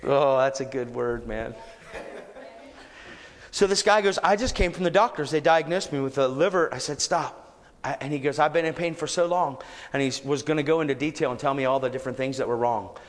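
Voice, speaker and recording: A man preaching and telling a testimony story, growing animated and shouting at times. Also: medium pitch, a little fast, in a large hall. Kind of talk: storytelling sermon.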